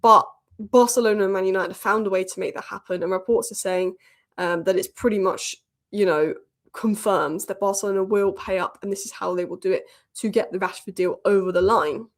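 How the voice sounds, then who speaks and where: Woman, football channel host, rapid casual delivery, strong opinions, mid-range voice. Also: medium pitch, steady tone. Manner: opinionated, chatty, quick asides. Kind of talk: casual football news commentary.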